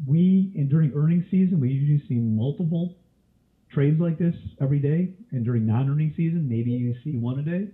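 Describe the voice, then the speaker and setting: Male trading instructor, mid pitch, a cough and a scratchy throat, quizzing style, tinny webinar audio. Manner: quizzes listeners with frequent questions. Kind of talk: live webinar teaching.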